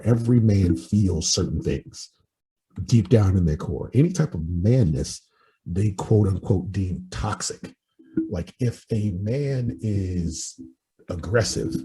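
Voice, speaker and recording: Blunt deep-voiced man in his forties. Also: mellow, husky, rough recording. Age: 40s. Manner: blunt, opinionated, profane. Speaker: podcast host and life coach. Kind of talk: casual opinion chat.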